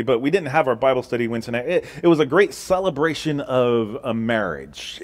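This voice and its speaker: A middle-aged man preaching a sermon as pastor, casual and joking in his announcements. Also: medium pitch.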